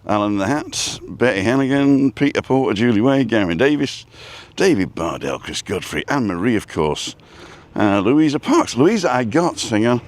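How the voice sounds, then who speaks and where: A man's voice: medium pitch, sing-song, normal speed, few pauses, dry recording. A man hosting a live stream, chatting casually and rambling while he walks outdoors, talking into a phone on a selfie stick and greeting viewers by name. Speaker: vlog host. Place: outdoors, walking down a street.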